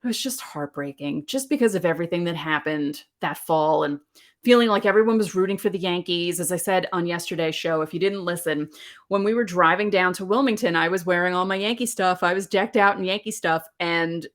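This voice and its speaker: A woman in her forties with a fairly low voice talks alone as a podcast host. She tells stories in a candid, animated way and laughs easily. The delivery feels like casual chat, not reading. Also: a little fast. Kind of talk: casual solo podcast talk.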